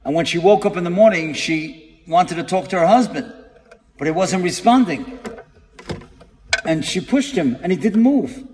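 A man with a high voice preaches a story to a gathered audience. He tells it dramatically and acts out the people he quotes. The sound carries a long reverb from a large hall. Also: expressive, normal speed, long pauses, a little mellow, a little hiss or hum. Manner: dramatic storyteller, acting out quotes and building to emphatic peaks. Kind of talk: storytelling sermon.

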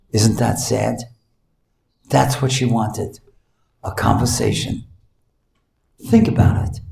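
In an echoey room, a man tells stories to an audience with animated flair, switching to a high pitch to voice the child.

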